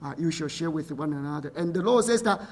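High-voiced husky man preaching. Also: lively intonation, fast talker, a little mellow. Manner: frequent "right?" and "huh?" tag questions, non-native phrasing. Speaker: pastor. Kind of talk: sermon.

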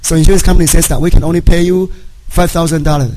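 A middle-aged man, a native Chinese speaker, giving a personal testimony to a congregation in halting speech, often checking in with "right?". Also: on the high side, steady tone, background noise. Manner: halting, frequent "right?" tag questions. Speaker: church member giving a testimony.

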